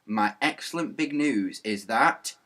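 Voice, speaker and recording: A man's voice: mid-range voice, expressive, measured pace, bright, forceful tone, recorded from a distance. A man voicing a cheerful, proud dad who announces things theatrically while reading a children's story. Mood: upbeat.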